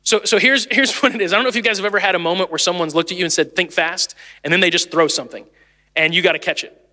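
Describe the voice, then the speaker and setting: A man in his late thirties, the lead pastor, preaching a sermon in a chatty, animated way and laughing easily. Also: sits high, rapid-fire, in a large hall. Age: 30s.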